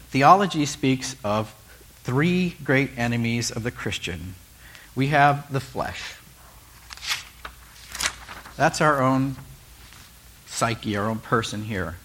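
Taking it slowly with long pauses, a pastor speaks in a mid-range voice during a conversational sermon. He preaches with animation, posing rhetorical questions to his audience and switching tones often.

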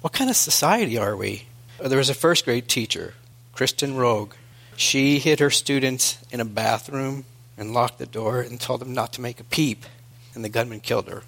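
A male preacher delivering a sermon in an earnest storytelling manner, moving between hushed and emphatic. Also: medium pitch, moderate pace, gravelly.

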